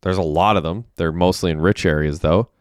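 A man's voice: deep voice, a little fast, smooth, no echo, lightly acted. A man reading aloud and voicing an awkward young man who talks in a dry, joking way.

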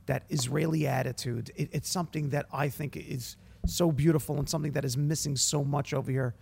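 A man who teaches students, chatting casually on a podcast and telling animated stories full of acted-out quotes. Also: mid-range voice, a little fast, creaky, slight background noise. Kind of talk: casual chat.

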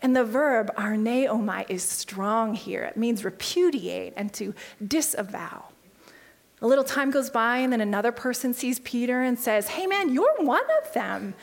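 Woman preacher, slightly high voice, casual sermon delivery, animated with hushed whispered asides. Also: normal speed, creaky. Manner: animated, conversational, drops to a hushed near-whisper for emphasis. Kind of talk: conversational sermon.

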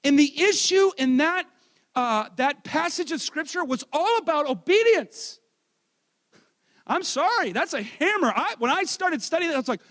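High-pitched, loud, lively preacher man. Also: in a large hall. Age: adult, married. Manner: energetic, loud preaching with self-deprecating asides; swings between shouting and quiet asides. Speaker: pastor. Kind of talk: sermon.

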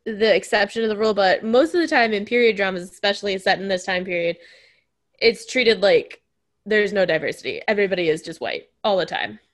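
Casual woman co-host, middle pitch, lively delivery. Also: fairly quick. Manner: animated, acts out quotes in a raised voice. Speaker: podcast co-host. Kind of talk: casual chat.

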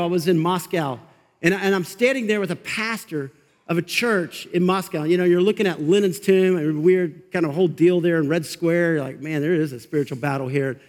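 A man preaching with real fire, his voice sitting high for a man as he talks to the congregation in a loose, chatty way. The sound rings with a long reverb, as if it were recorded in a large church sanctuary. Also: fairly quick. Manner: energetic, fired up, conversational with frequent asides. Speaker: pastor. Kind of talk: sermon.

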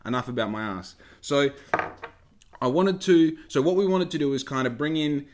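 A young man in casual chat, rambling and swearing often, at times flaring into loud rants. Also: fairly high pitch, expressive, normal speed, noisy background. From Australia. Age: young adult. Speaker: vlogger.

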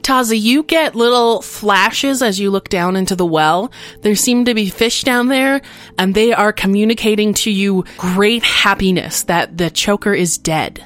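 A woman's voice: medium pitch, a little slow, fairly bright tone. A woman narrating as game master of a tabletop game, patiently explaining the rules.

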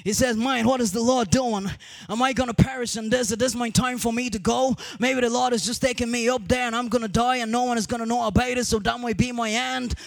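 A male preacher retelling a story in a sing-song sermon cadence, repeating and restarting words, building up to shouting. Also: extremely high pitch, fairly even intonation, a little fast, gravelly, no echo.

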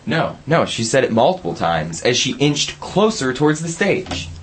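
A man's voice: mid-range voice, very animated, normal speed, slight background noise. A young man hosting a casual college radio show, telling rambling stories with lots of fillers. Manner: rambling, chatty storyteller with many fillers.

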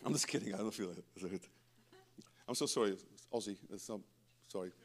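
A middle-aged man preaching a sermon in church, animated and breaking into joking asides to the congregation. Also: lowish voice, moderate pace. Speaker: pastor.

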